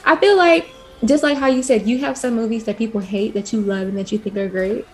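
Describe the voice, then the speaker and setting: A young woman chats on a podcast in a fairly high voice. She is relaxed and talkative, and she laughs easily. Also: a little fast, husky, soft background music. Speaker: podcast co-host. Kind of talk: casual chat.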